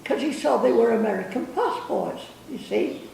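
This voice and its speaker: A woman's voice: fairly high pitch, expressive, normal speed, creaky, warm tone, a little hiss or hum. An older woman telling rambling family stories, repeating words and laughing as she goes. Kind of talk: casual storytelling. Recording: echoey room, distant mic.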